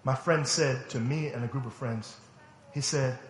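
A man's voice: medium pitch, normal speed, echoey room, slight background noise. A middle-aged man preaching a sermon, telling family stories emphatically and laughing along the way. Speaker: pastor. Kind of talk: sermon storytelling.

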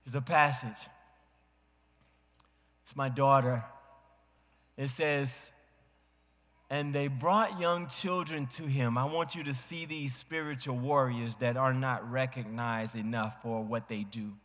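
A man preaching a sermon as a pastor, telling a family story dramatically and acting out voices with big swings in pitch. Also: steady tone, slow pace, long pauses, fairly bright tone. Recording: long hall reverb.

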